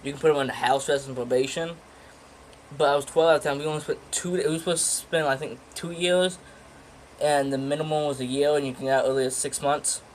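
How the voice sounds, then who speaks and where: A man's voice: on the high side, steady tone, fast talker, slight background noise, poor audio. A teenage guy casually telling a story in a rambling, profane way, full of fillers and restarts. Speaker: vlogger.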